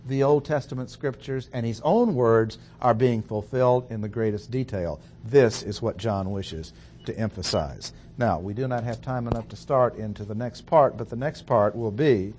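A man giving a Bible study lecture, reading scripture in a measured, deliberate way with pauses. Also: mid-range voice, a little mellow, slight background noise. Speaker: Bible teacher.

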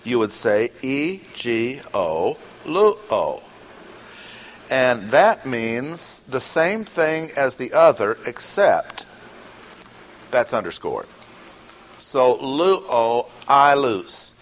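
A man teaching a Bible lesson in a deliberate, explanatory way, repeating his key points, on a dull lo-fi recording. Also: mid-range voice, big pitch swings, slight background noise.

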